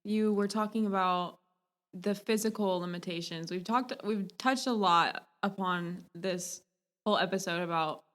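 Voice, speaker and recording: A woman's voice: mid-range voice, moderate pace, a bit bright. A young woman hosting a podcast, asking questions in a casual, chatty way and sometimes losing her thread. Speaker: podcast host. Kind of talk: interview chat.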